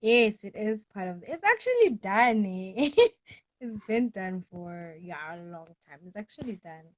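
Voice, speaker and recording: A woman's voice: medium pitch, very animated, unhurried, no echo. A woman singer from Venda, South Africa, chatting casually in an interview and explaining things step by step with fillers. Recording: dull, dry lo-fi audio.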